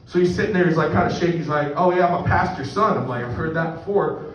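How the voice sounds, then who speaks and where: Crude rambling comedian in an echoey room. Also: male voice, on the high side, quick pace, a crowd in the background. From Canada. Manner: crude, rambling, self-mocking. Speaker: stand-up comedian. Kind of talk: profane stand-up storytelling. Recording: echoey distant room mic, muffled.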